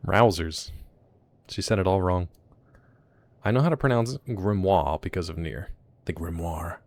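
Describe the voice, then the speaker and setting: A man with a very low, deep voice chats through a live game stream. He jokes, reacts aloud to what happens on screen and talks straight to his chat in a loose, casual way. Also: measured pace, darkish tone, no echo. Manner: chatty and joking, reacting aloud and talking to chat. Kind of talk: casual live gameplay commentary.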